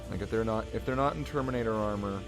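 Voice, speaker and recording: Low-voiced rambling man hobby streamer. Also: fast, over music. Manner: rambling, joking, thinks aloud. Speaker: miniature painting streamer. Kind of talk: casual hobby stream chat.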